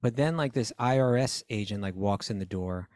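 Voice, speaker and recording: A man's voice: fairly low pitch, normal speed, darkish tone, dry recording, studio quality. A man casually retelling a story on a talk show, acting out the voices and laughs of the characters as he goes. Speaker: podcast co-host.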